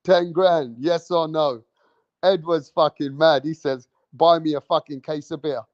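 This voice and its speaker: High-voiced man goading his stream chat. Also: fairly even intonation, unhurried, no echo, dull audio. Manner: loud, teasing, swears a lot, goads the chat. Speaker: livestream host. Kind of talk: casual livestream chat.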